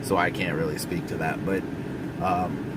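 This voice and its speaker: Blunt trucker man, low voice, engine hum. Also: little pitch movement, normal speed. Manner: blunt, folksy, talks directly to viewers. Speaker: truck driver vlogger. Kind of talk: casual advice monologue. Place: inside his truck cab.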